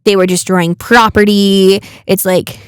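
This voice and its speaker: Smooth-voiced young woman, indignant. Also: mid-range voice, no echo, clean studio sound. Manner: animated, indignant, quick bursts. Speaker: podcast co-host. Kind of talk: casual chat.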